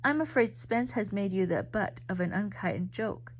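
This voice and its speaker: A woman reading aloud voices a popular teenage schoolgirl, lively and a little higher than her reading voice. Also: moderate pace, lightly acted. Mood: sorry. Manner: bright, lively and gushing.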